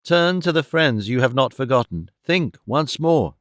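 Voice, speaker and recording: An earnest gentleman urging gently in a low, emphatic voice, read by an audiobook narrator. The tone is smooth and even. It is recorded close with no room sound. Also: unhurried, no room sound.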